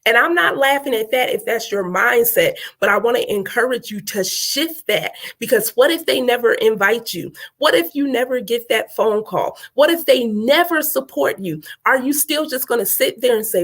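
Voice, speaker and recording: A woman's voice: a little high, animated, normal speed, few pauses, fairly bright tone. A middle-aged woman, a motivational speaker and coach, talking live to her viewers. She speaks emphatically, in a preachy rhythm, repeating phrases and checking in with "right?".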